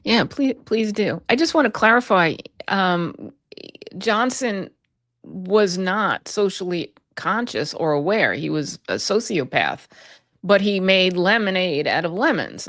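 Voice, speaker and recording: A woman's voice: lowish voice, lively intonation, a little slow, a bit bright, dry recording, clean studio sound. A woman hosting a radio interview, speaking in a direct and opinionated way. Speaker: radio host.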